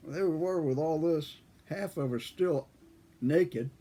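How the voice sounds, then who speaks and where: An older man, a former airman, telling a story from his own past in a casual, folksy way, chuckling and clearing his throat now and then. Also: on the high side, slow, dark tone. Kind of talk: casual spoken memoir storytelling.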